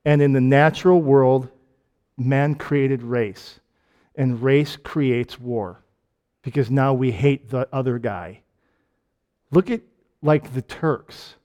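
A man with a Michigan accent preaching a conversational sermon, firing off rhetorical questions and jokes and swinging between loud and quiet. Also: mid-range voice, slow pace, pauses often. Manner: asks lots of rhetorical questions.

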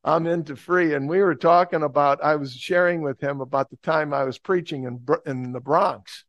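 A man, preaching a lively, humorous sermon with an emphatic delivery. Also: on the high side, moderate pace, dry recording, dull audio. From New Jersey, USA. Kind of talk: sermon with storytelling.

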